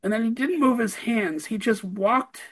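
A man, a parent of a toddler, telling a story in casual conversation, animated and laughing often between lines. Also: very high-pitched, moderate pace, breathy edge, low-quality recording. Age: adult parent of a toddler.

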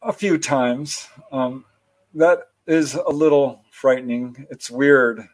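Animated, laughing male storyteller. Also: medium pitch, takes it slowly. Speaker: guest. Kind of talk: casual interview conversation.

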